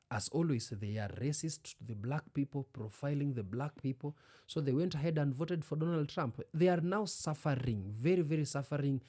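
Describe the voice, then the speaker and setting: A man with a mid-range voice talking through current events like a commentator. His delivery is measured and explanatory, dotted with "uh" fillers as he goes. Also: mid-range voice, darkish tone. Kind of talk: commentary narration.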